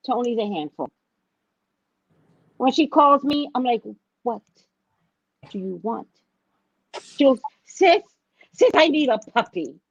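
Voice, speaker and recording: A woman who teaches special education tells a story in casual conversation, her voice high and gravelly. She's animated, acting out other people's lines and repeating phrases for emphasis. The lo-fi recording sounds dull and dry, with no echo.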